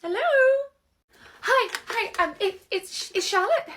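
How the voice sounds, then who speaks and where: A woman's voice: very high voice, slow, a bit bright, pitched above the performer's own voice, full character voice. A woman playing a nervous young babysitter in a comedy sketch, stammering and repeating herself as she tries to get her point across. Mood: flustered.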